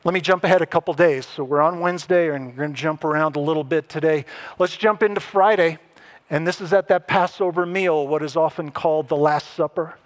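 A man preaching a sermon as a pastor, conversational with wry asides and lively emphasis. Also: on the high side, brisk.

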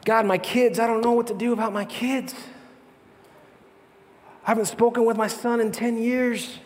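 A man's voice: very high voice, fairly even intonation, moderate pace, in a large hall. A man voicing a desperate person crying out to God in a frantic, pleading way.

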